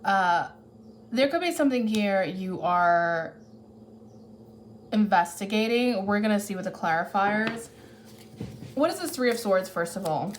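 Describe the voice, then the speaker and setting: Caffeinated woman doing a tarot reading, thinking out loud, slight noise behind. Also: mid-range voice, animated, a little slow, long pauses. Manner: chatty, thinks aloud, restarts and self-corrects. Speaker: tarot reader.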